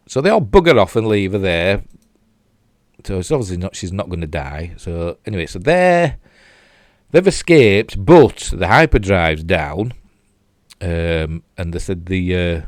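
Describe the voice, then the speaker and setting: An older man with a broad Yorkshire accent chats his way through a TV review. His voice sits very low, and the sound is close and dry with no room around it. He rambles with plenty of fillers and mocks himself as he goes. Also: expressive, measured pace, darkish tone, no echo. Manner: chatty and self-mocking, with frequent fillers and asides. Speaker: TV show reviewer. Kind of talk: casual rambling review while replaying clips.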